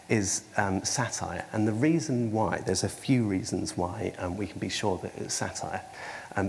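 A man's voice: sits low, gravelly, a little mellow. A man preaching a sermon, hesitant, with frequent ums and restarts and wry self-mocking humour. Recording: long hall reverb, faint background noise.

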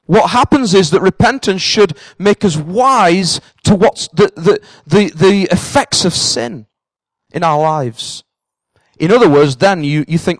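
A pastor from northern England, with a Northern English accent, preaches a sermon to his congregation at a church in Cambridge. His voice is a little high with lively intonation and a measured pace, earnest and direct, often repeating himself for emphasis. The low-quality recording has no room sound.

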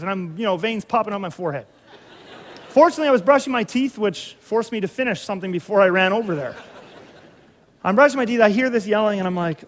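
A man's voice: high-pitched, brisk, a bit bright. A middle-aged man preaching a sermon, telling a story in a conversational, humorous way with many restarts. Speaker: pastor. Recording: reverberant hall.

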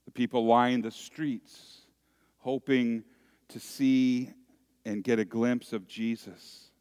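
A pastor preaching a sermon, telling a story dramatically and dropping at times to a hushed voice. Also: male voice, mid-range voice, little pitch movement, clean tone. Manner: slow, dramatic storytelling that swings from loud to hushed. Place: church sanctuary. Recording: long reverb of a church hall.

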